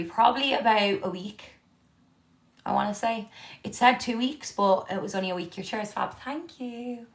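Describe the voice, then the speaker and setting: A young woman streams live from her living room, chatting casually as she reads viewer comments and replies to them. She's candid and swears readily, with a medium-pitched, fairly bright voice.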